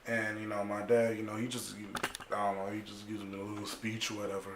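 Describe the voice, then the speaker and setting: A young man telling a story casually, animated and profane, full of slang, acting out other people's lines. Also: fairly low pitch, fairly quick, noisy background. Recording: echoey room.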